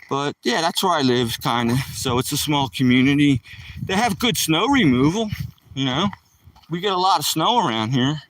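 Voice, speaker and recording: A man's voice: a little high, fairly bright tone, no echo, distant mic, rough recording. A man live streaming while he walks his dog on a rural dirt road, chatting loosely with the viewers in his chat.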